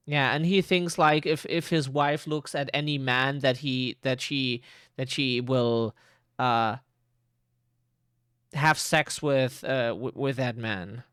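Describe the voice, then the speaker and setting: A man's voice: medium pitch, fairly even intonation, takes it slowly, a bit bright, clear, resonant tone, no echo. A man streaming a horror game live, commenting in sarcastic, exasperated asides.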